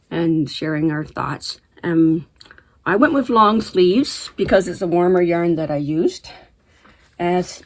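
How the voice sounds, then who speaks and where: Middle-aged lady rambling about her knitting, lowish voice, laughs a lot. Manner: chatty, rambling, laughs easily. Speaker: knitting podcast host. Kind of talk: casual chat to camera.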